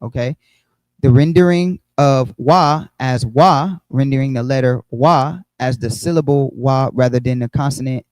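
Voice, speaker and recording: A man's voice: mid-range voice, unhurried, a little mellow, dry recording, low-quality recording. A man teaching a Bible lesson on a livestream, explaining step by step and checking in often with "okay?" and "right?", with frequent fillers. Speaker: religious teacher.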